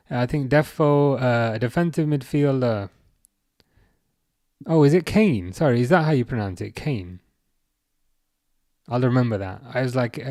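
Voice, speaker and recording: A man's voice: medium pitch, darkish tone, no room sound, studio quality. Man hosting a chat stream. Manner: hesitant, lots of fillers and restarts. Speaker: livestream host. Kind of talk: casual chat reading viewer comments.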